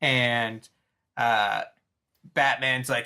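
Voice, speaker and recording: Bright, excited man retelling a story. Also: medium pitch, normal speed. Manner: excited, rambling, with restarts. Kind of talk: casual chat, animated retelling.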